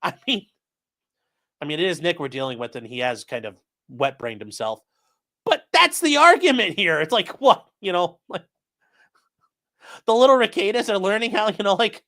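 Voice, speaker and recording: A man's voice: high-pitched, sing-song, normal speed, pauses often, sharp tone. A man hosting his channel, mocking a court filing in profane, incredulous commentary and talking to his live chat. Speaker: channel host.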